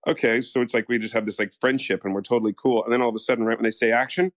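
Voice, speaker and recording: Male guest, thirties, mid-pitched, lively anecdotes with acted-out quotes, dry close mic. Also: very fast, dry recording. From United States. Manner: animated storyteller, acts out quotes. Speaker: soap opera actor, guest. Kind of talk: casual interview chat.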